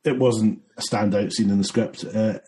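Low mellow man, rambling. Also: normal speed, rough recording. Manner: rambling, many fillers and restarts, laughs often. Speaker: filmmaker guest. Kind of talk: casual interview chat.

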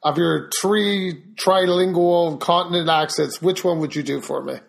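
A woman's voice: on the low side, fairly even intonation, a little slow, gravelly. A woman hosting an interview show, asking her guest upbeat questions. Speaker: talk show host.

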